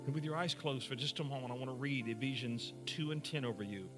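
A man preaching a sermon as pastor, earnest, moving between brisk talk and slow, soft passages. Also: mid-range voice, loud music behind the voice.

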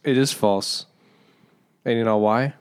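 A man's voice: medium pitch, measured pace, clear, resonant tone. A man co-hosting a comedy podcast, rambling with lots of swearing and restarts. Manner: profane, rambling, restarts sentences. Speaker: podcast co-host. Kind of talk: casual comedic banter.

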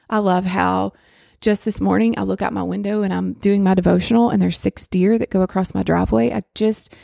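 Woman in her thirties, podcast host, candid rambling talk, very gravelly voice, dry sound. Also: mid-range voice, no echo. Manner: candid, rambling, with restarts and soft laughs. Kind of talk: personal reflective monologue. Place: home.

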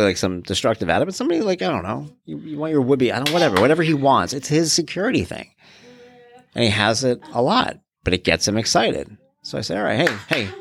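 A man's voice: lowish voice, noisy background. A middle-aged man hosting a podcast, talking in a casual, rambling, affectionate way and often breaking off mid-sentence. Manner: rambling, fond and self-interrupting. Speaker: podcast host. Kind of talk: casual solo podcast talk.

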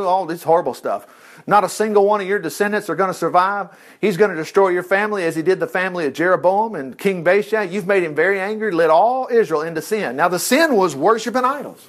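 Middle-aged guy preaching, high voice, real animated, jumps all over with side comments. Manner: animated, swings pitch widely, asides and exclamations. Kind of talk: sermon, retelling scripture.

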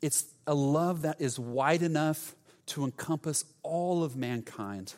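Pastor, male, earnest conversational sermon, slightly high voice, long hall reverb. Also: measured pace, a little mellow. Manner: earnest, conversational preaching with acted-out quotes.

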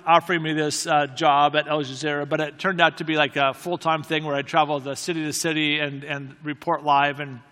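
A man's voice: a little high, bright, forceful tone. A man preaching a sermon to a live audience, telling a story in a conversational way with self-deprecating humor and repeated key phrases. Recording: long reverb of a large hall.

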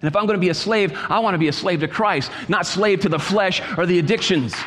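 A man preaching a sermon in an exhorting manner, repeating his phrases and moving between quiet asides and loud calls. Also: high-pitched, quick pace, long reverb tail, a little hiss or hum. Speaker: pastor.

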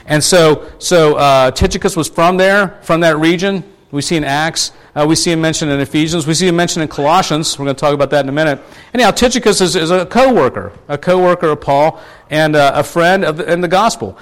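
A man's voice: fairly high pitch, a little fast. A man preaching a conversational sermon, asking his congregation questions and restarting his sentences often. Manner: chatty, asks the congregation questions; many fillers and restarts. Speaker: pastor.

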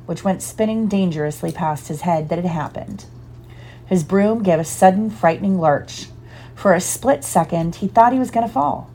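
A woman giving a lively, expressive storybook narration. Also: medium pitch, breathy edge. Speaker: audiobook reader.

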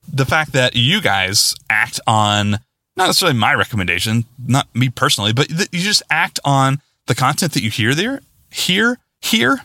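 A man hosting his podcast alone, rambling and excitable, poking fun at himself as he signs off. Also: mid-range voice, normal speed, dry recording, studio quality. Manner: rambling, excitable, self-mocking. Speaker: podcast host. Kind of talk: casual solo podcast sign-off.

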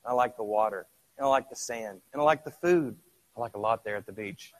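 A middle-aged pastor preaches conversationally, posing rhetorical questions to the congregation and sometimes sinking to a hush before rising loud again. His medium-pitched voice moves fairly quickly.

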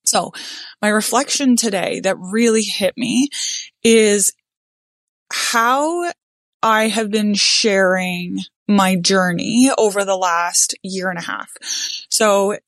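A woman's voice: mid-range voice, slow, no room sound. A middle-aged woman hosting a podcast in casual solo talk, upbeat with a smile in her voice and lots of "like" fillers, recorded in a home closet. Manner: upbeat, smiling voice with frequent "like" fillers. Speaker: podcast host.

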